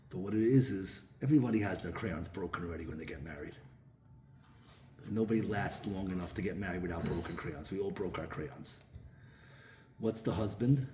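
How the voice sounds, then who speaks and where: Recorded in an echoey room with a faint hum of ambient noise, this male rabbi delivers a Torah talk through stories, voicing the characters he describes. He speaks in a low voice with a dark tone.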